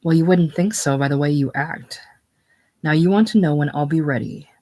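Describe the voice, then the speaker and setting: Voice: medium pitch, normal speed, a little mellow, lightly acted. A reader voicing a curt, resentful businessman husband in an audiobook, close to the narrating voice. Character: irritated middle-aged businessman husband. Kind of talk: audiobook character reading.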